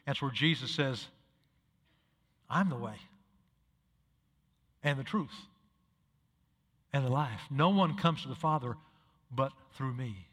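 A man's voice: mid-range voice, expressive, slow, long pauses, fairly bright tone, slightly rough, big-room sound. A male pastor preaching a sermon, telling stories and acting out the dialogue, building to emphatic peaks. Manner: storytelling, acts out dialogue, rises to emphatic peaks.

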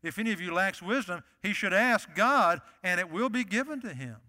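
A man with a high, bright voice preaches to his congregation in a church, hammering home points by repeating them. His words ring out with a long reverb from the hall around him. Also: lively intonation, moderate pace. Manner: emphatic, repeats key phrases. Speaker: pastor. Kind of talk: sermon.

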